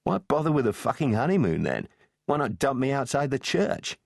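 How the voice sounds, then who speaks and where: A man's voice: medium pitch, very animated, normal speed, creaky, a little mellow, no echo, clean studio sound, pitched above the performer's own voice. A man voicing a smug, wealthy television judge who protests indignantly and sputters.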